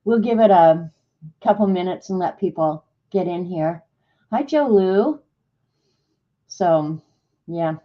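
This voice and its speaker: A woman's voice: on the low side, animated, takes it slowly, long pauses. A woman hosting a casual art livestream, chatting, greeting viewers by name and reading snarky sayings aloud. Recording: dull lo-fi stream audio.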